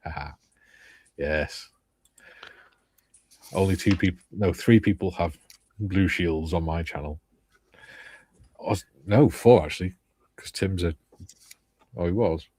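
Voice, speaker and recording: An older man hosts a casual livestream and jokes his way through viewers' comments. His voice is husky and fairly low. The sound is dry and close. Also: slow pace, pauses often, dark tone, no echo. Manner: jokey, reads out chat comments. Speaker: livestream host.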